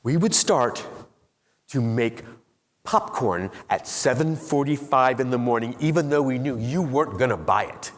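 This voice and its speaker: Animated middle-aged man giving a keynote. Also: mid-range voice, unhurried. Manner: animated storyteller who quizzes the audience. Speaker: keynote speaker. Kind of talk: motivational keynote speech. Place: large hall with a live audience. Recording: long hall reverb.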